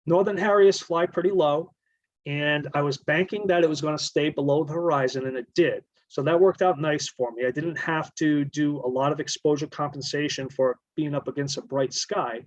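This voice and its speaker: A man's voice: fairly high pitch, fairly even intonation, normal speed, dry recording. Man explaining photography over a dull mic. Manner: explanatory, rambling, self-correcting. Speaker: bird photography presenter. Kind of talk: casual slideshow presentation.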